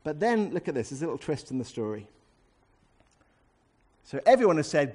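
A man preaching an expository sermon, conversational and animated, acting out scripture passages. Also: on the high side, fast talker, breathy edge.

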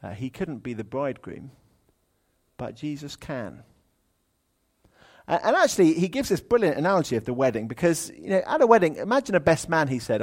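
A man's voice: a little high, sing-song, brisk, a little mellow. A man preaching a sermon in a chatty, humorous way, animating the verses he reads aloud.

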